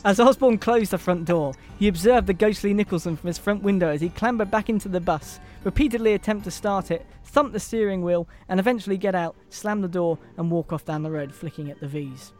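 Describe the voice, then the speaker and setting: High-voiced English man reading a comic tale. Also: a little fast, hardly any pauses, a little mellow, soft background music. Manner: reads dramatically, breaking off into laughter and asides. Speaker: podcast co-host reading a comic Christmas story. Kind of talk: comic story reading on a podcast.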